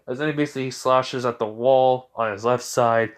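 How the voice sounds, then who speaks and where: A man's voice: mid-range voice, steady tone, normal speed. A man improvising a fan-fiction story in a casual, rambling way, full of fillers.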